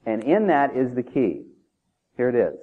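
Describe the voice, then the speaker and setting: A man preaches in a punchy, talky manner, tossing rhetorical questions at the congregation. His voice sits at an ordinary male pitch. The sound is thin and narrow, like a phone line. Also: sing-song, normal speed, breathy edge. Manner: emphatic, conversational, with rhetorical questions. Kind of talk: sermon. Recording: tinny phone-like audio.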